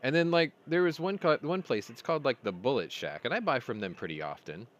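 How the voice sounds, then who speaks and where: A man's voice: mid-range voice, sing-song, fairly quick. A man hosting a casual stream, rambling through stories and laughing at his own jokes. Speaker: host. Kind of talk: casual live-stream chat.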